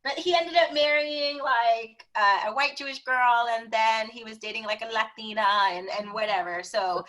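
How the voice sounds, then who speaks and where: A woman talks as a guest in an interview, telling personal stories with lots of energy. Her voice is bright and sits somewhat high. She laughs easily as she talks. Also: moderate pace, rough recording. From America. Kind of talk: conversational storytelling.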